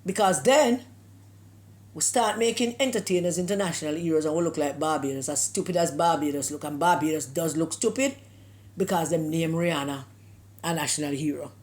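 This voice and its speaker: A woman's voice: deep voice, fairly quick, darkish tone. A Jamaican woman from Jamaica giving an emphatic political opinion monologue, with scornful rhetorical questions and slips into patois. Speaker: political commentator.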